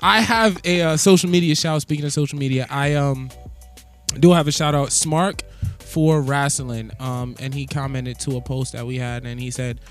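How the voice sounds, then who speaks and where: A man co-hosting a casual podcast, blunt and teasing, swearing freely as he gives shout-outs. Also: medium pitch, steady tone, normal speed, soft background music. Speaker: podcast co-host.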